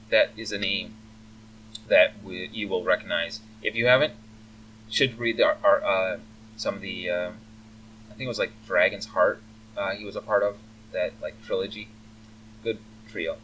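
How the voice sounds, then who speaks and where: A man reads a role-playing game's story text in plain narration, dropping chatty asides between passages. His low voice sits a little far from the mic, with a faint hum underneath. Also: fairly even intonation, normal speed, fairly bright tone. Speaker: game player reading aloud. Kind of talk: reading game text aloud with casual asides. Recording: faint humming, slightly distant mic.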